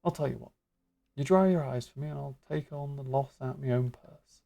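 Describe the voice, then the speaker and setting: Woman doing a loud gruff merchant guy, folksy, bluster, raised pitch, gravelly. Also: a little fast. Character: gruff, soft-hearted male street merchant.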